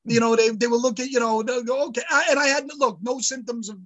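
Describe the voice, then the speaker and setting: A high-pitched man tells a story in casual podcast chat. He swears often and shouts quotes in mock outrage. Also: steady tone, fast talker, poor audio. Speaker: podcast co-host.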